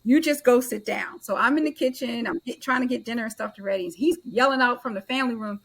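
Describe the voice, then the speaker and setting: This is a middle-aged woman with a fairly high voice, telling a personal story as a podcast guest. She is animated and lively. She slips in and out of the voices of the people she describes, playing out their back-and-forth. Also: gravelly. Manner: animated storyteller who acts out others' dialogue in quick back-and-forth. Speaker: podcast guest, author and life transitions coach.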